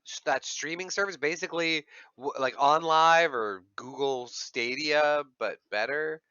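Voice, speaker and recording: Bright-voiced man hosting a livestream. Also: a little high, unhurried, clean tone, no room sound, muffled recording. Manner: chatty, filler-heavy, loose swearing. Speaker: livestream host. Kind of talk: casual voice-chat banter.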